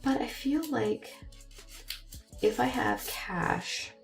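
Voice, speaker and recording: A woman's voice: on the high side, very slow, music in the background. A young woman with a scratchy voice, chatting casually and rambling a little as she walks viewers through her budget plans. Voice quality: scratchy, raspy voice. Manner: chatty, rambling, self-deprecating. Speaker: vlogger. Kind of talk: casual planning vlog chat.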